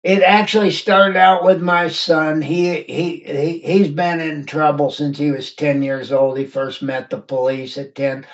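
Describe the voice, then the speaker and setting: A man shares a personal story as a podcast guest, candid and quietly reflective. His voice sits a little high. It sounds distant and dull, as if it comes over a remote call. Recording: distant, muffled remote audio.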